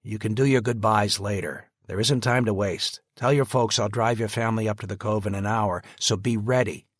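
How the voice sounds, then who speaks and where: Man playing a middle-aged father, commanding, clipped, low husky voice. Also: steady tone, normal speed, dry recording, studio quality, natural voice.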